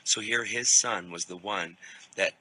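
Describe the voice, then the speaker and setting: A man's voice: lowish voice, a little slow, bright, forceful tone, poor audio. A man, a preacher, casually telling a rambling story, repeating words and restarting sentences, filmed on a phone. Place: outdoors at a crowded event. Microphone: phone video.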